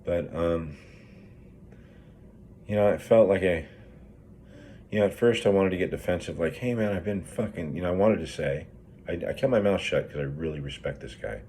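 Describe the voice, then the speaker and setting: A man's voice: low-pitched, normal speed, long pauses, mellow, slight background noise. A middle-aged man in recovery, grieving and talking candidly in a rambling, profane way with many fillers and restarts. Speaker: project manager in recovery. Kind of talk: candid personal vlog.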